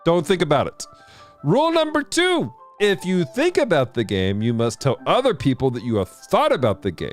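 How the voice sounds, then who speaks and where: Man, casual livestream chat, lively swooping pitch, laughs a lot, faint music behind. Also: normal speed. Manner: animated, laughs often, reads viewer comments aloud. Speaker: game streamer and show host.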